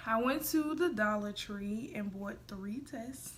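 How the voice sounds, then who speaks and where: Young woman vlogger, early 20s, higher-pitched, casual storyteller with a slangy "like" rhythm. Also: expressive, measured pace, few pauses, slight background noise. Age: young adult. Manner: chatty, says "like" and "y'all" a lot, drops to a hush for quoted thoughts.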